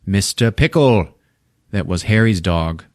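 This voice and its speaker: A man hosting a podcast, casually recapping a movie as an animated storyteller who laughs often and swears freely. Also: sits low, unhurried, no echo, studio quality. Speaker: podcast host.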